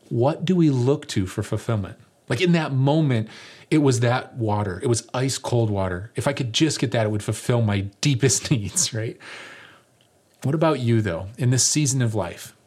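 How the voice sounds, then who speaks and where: Young man, pastor, animated storytelling sermon, casual tone, average pitch. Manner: animated, self-mocking storytelling; conversational, rhetorical questions to the congregation. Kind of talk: sermon opening with a personal story.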